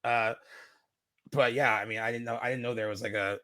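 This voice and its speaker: Brisk and steady in tone, a man with a medium-pitched, pushed, bright voice co-hosts a podcast and talks casually about a film. He rambles, leaning on fillers and restarting often, in a dry recording.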